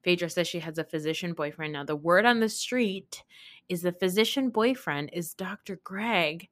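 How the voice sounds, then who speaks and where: A woman's voice: lowish voice, animated, moderate pace, fairly bright tone. Chatty, sarcastic woman podcast host. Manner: chatty and sarcastic, laughing often. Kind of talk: casual chat.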